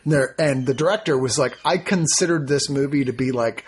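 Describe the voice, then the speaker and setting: A man chatting casually about films, enthusiastic and animated. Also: medium pitch, brisk, breathy edge. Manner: enthusiastic, animated, quotes people in put-on voices. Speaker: podcast co-host reviewing films. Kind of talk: casual chat.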